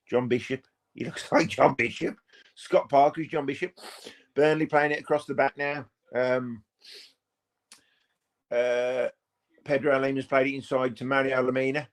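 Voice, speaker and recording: A man hosts a live football watch-along from his home. He talks casually and rambles to his viewers, then breaks into quick play-by-play when the action heats up. His voice sits at an ordinary middle pitch for a man. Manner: chatty, rambling, bursts into excited play-by-play. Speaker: fan channel host.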